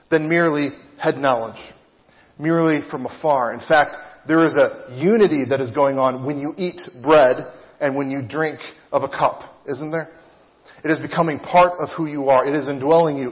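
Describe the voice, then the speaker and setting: A man delivers an earnest sermon in a slightly raised voice, working through his point with rhetorical questions to the congregation. His words ring with a long reverb, as if from a large hall, and the recording sounds dull and muffled. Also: on the high side. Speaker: preacher.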